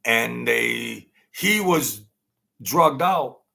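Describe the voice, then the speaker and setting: A man hosting his own channel, telling a long casual story in a rambling, halting way, full of fillers and restarts. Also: mid-range voice, lively intonation, vocal fry, pushed and bright. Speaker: channel host telling stories.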